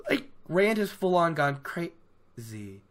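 A host giving a casual book recap, animated and opinionated, laughing often. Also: mid-range voice, slow pace.

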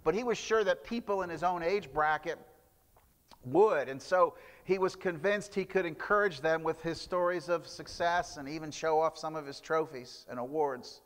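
A man's voice: on the high side, normal speed, a bit bright, in a large hall. A man preaching a sermon, telling stories with frequent restarts and fillers. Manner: storytelling with repeated restarts and fillers. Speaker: pastor.

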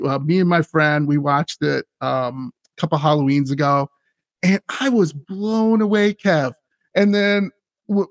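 A man hosting a casual podcast chat, animated and laughing often as he retells scenes. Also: fairly high pitch, no echo. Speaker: podcast host.

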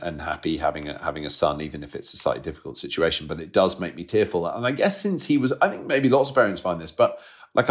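A man talking candidly as an interview guest, rambling, trailing off and laughing often. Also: deep voice. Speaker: podcast guest. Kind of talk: conversational interview.

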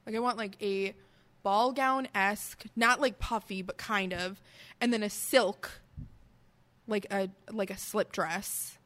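A woman's voice: mid-range voice, steady tone, takes it slowly, fairly bright tone. Rambling woman chatting casually. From American Midwest. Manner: rambling, fills every phrase with "like". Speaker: podcast co-host. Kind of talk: casual chat.

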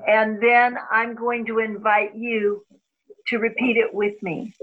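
A woman speaking as a spiritual teacher, calmly guiding breathing and a mantra meditation. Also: fairly high pitch, narrow, tinny audio. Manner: slow, calm, guiding.

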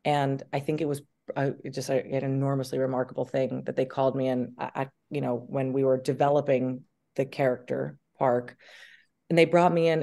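A woman in her thirties, an actress being interviewed, telling stories in an animated way and laughing through her words. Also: rumbling low, gravelly. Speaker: actress and guest. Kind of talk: casual interview chat.

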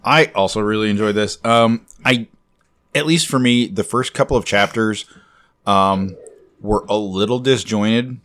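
A man co-hosting a comics podcast, talking in a measured, thoughtful way with pauses. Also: fairly low pitch, fairly bright tone. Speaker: podcast co-host. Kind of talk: casual chat about comics.

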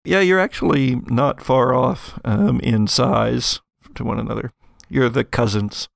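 A man narrating as game master in an actual-play show, laid-back and halting with fillers. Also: mid-range voice, creaky, no room sound, studio quality.

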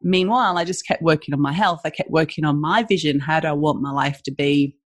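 A woman's voice: sits low, fairly quick, dry recording. A woman with an Australian accent, a business founder talking as a podcast guest in a rambling, chatty way full of "you know, like". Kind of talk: casual podcast interview.

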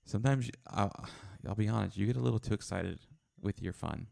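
A man with a deeply gravelly, creaky voice co-hosts a podcast in casual banter. He teases and argues stubbornly, recorded close and dry with no room sound. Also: a little fast, warm tone, no echo. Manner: teasing, stubbornly argumentative. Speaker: podcast co-host.

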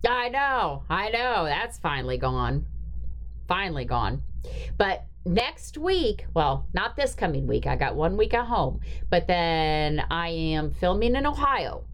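A woman's voice: on the low side, sing-song, slow, slight background noise. A woman hosting a podcast in casual chat, rambling and chatty with trailing fillers. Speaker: podcast host.

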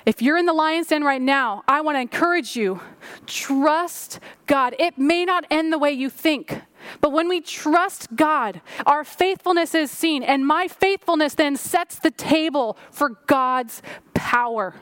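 High-voiced woman pastor preaching. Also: measured pace, a bit bright, no room sound. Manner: preaching with rising and falling emphasis, prayerful. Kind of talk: sermon.

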